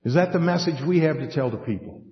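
A man's voice: a little high, fast talker. Guy preaching a sermon, gets worked up acting out the story, big echoey hall, kinda muffled. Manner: animated, acts out scripture dialogue, folksy asides. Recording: echoey hall, dull lo-fi sound.

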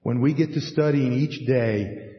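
A man preaching a sermon in an animated way, acting out scripture scenes with folksy asides. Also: mid-range voice, unhurried. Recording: echoey hall, dull lo-fi sound.

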